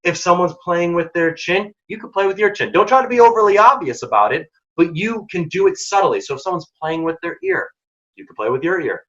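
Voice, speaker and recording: A man presenting a career workshop, talking in an emphatic, casual, energetic way. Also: high-pitched, fairly quick. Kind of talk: career advice talk. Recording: dull lo-fi recording.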